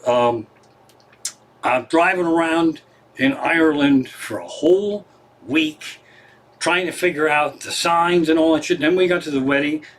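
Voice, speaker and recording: A man's voice: fairly high pitch, measured pace, a bit bright. A middle-aged man, a comedian, telling a rambling, profane story in a casual live stream from his living room.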